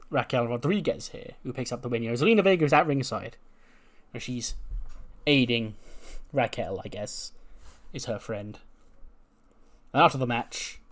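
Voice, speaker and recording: A man with a mid-range voice tells a wrestling sim story in a casual, rambling way. His storytelling is loose and full of fillers. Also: medium pitch. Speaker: gaming video host.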